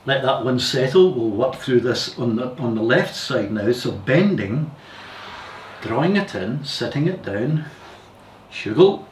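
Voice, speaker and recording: A man teaching yoga, giving calm, careful step-by-step guidance with repeated warnings to go slowly. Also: medium pitch. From Scotland. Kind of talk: guided yoga instruction. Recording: echoey room, distant mic, faint hiss.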